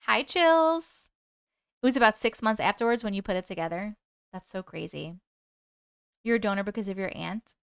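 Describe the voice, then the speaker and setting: Female live stream host, higher-pitched and emotionally open, reading stories and reacting to chat; dry, close sound. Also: fairly bright tone, clean tone, no room sound. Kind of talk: reading viewer stories aloud and chatting with live viewers.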